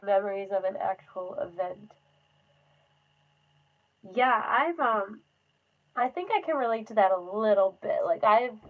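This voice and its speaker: A woman's voice: medium pitch, a little mellow, poor audio. A young woman chatting casually on a phone livestream, rambling with lots of fillers and frequent laughs. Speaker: livestream host.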